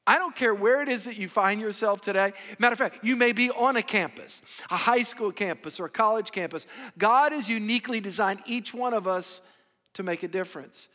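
A man's voice: high voice, fairly quick, sharp tone. A middle-aged male pastor preaching a sermon in an earnest way, repeating key phrases for emphasis. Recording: long hall reverb.

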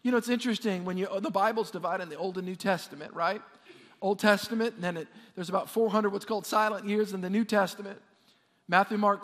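A man preaching a sermon, lively and repetitive, calling on the congregation to answer back. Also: high-pitched, long reverb tail. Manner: animated, repeats words, calls on congregation to respond. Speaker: pastor.

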